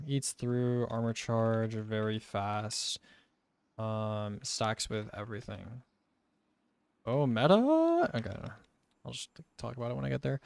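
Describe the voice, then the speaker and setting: A young male streamer with a gravelly, creaky edge that still comes through smooth and clean. He talks slowly and loosely, thinking out loud over numbers and dropping the odd swear word. The sound is dry and close, with no room around it. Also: medium pitch, no echo. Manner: thinks aloud, swears casually, mutters through sums. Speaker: gaming streamer. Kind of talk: casual game commentary while testing.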